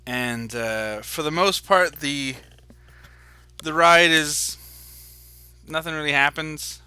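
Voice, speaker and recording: A man narrating a tabletop role-playing game as game master, halting and full of fillers. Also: a little high, pushed and bright, smooth, no room sound.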